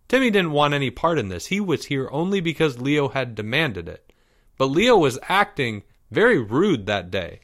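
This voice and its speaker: A man reading a children's story aloud in a measured, expressive way. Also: mid-range voice. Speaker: narrator.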